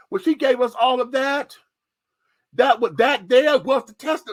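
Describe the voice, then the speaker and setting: A man's voice: sits high, expressive, normal speed, a bit bright, no echo. A man hosting a radio show, speaking in impassioned, profane, sassy commentary.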